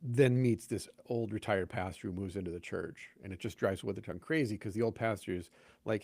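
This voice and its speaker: A man's voice: on the low side, fairly quick, gravelly, dry recording. A man, a pastor, talking casually in a podcast conversation, telling stories and acting out the voices of the people he quotes. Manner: animated storyteller, acts out quoted voices.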